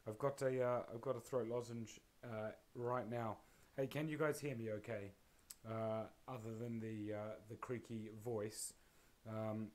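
A man with a croaky, laryngitis-strained voice hosts a live-streamed prize draw, greeting viewers by name in a friendly way. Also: on the low side.

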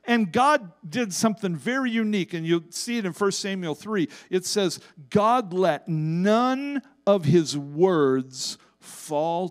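A man preaching from a church stage, his voice sitting high for a man. He swings between loud, stretched-out emphasis and quiet, conversational asides, and acts out the voices in the Bible story he retells. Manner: preaching with wide swings in pitch and loudness, drawn-out emphasis; acts out quoted voices in Bible stories, casual asides to congregation. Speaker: pastor. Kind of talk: sermon.

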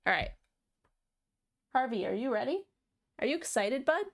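A woman's voice: on the high side, very animated, normal speed, creaky. A young adult woman streamer chatting casually and affectionately on a live stream, swearing now and then.

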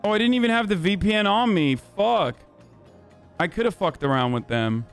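A man's voice: high-pitched, animated, normal speed, faint music behind. A man streaming a roleplay game, talking in character in a hesitant, stammering way with plenty of swearing, into a desk microphone.

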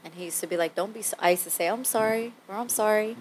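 Soft-spoken woman co-hosting a chat. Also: medium pitch, quick pace, slight background noise. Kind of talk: casual podcast chat.

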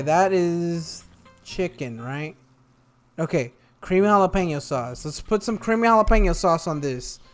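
A young man hosting a gaming video, playing a cooking game and teasing the game's customers in a playful way, recorded at home on a desktop microphone. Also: a little high. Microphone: desktop USB microphone.

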